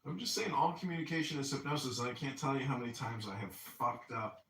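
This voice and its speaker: A man with a mid-range, fairly bright, creaky voice talks fast and expressively while hosting a casual podcast, spinning boastful, rambling stories and laughing at his own jokes. He is a podcast host and political candidate. The recording sounds echoey, with a distant mic and faint noise.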